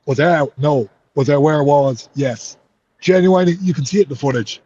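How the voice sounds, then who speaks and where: Irish fighter guy, bit high voice, heated and sweary, calls people mate, muffled lo-fi audio. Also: brisk, dark tone, slight background noise. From Ireland. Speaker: MMA fighter. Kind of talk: interview.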